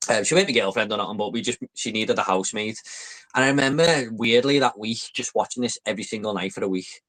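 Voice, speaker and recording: A man's voice: lowish voice, fast talker, a bit bright. Male host, eager, rambling, conversational podcast delivery. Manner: enthusiastic, rambling with fillers. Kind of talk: casual chat.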